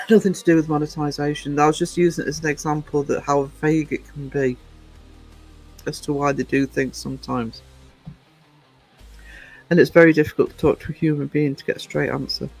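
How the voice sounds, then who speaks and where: British male channel host, casual and digressive, voice sits a little high. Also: level tone, brisk, vocal fry, pauses often, faint music behind, poor audio. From United Kingdom. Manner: chatty, rambling, digressive. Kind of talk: casual livestream chat.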